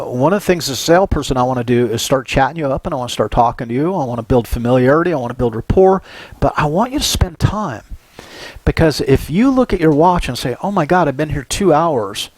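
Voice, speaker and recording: An older man from Southern California giving a psychology lecture, telling animated personal stories and often checking in with "right?". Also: medium pitch, no room sound. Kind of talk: recorded university lecture.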